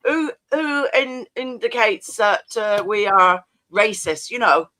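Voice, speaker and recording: A blunt woman co-hosting a relaxed livestream, cursing freely and quick to laugh at the chat. Her voice sits at an ordinary middle pitch, and she speaks in short, offhand remarks. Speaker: livestream co-host.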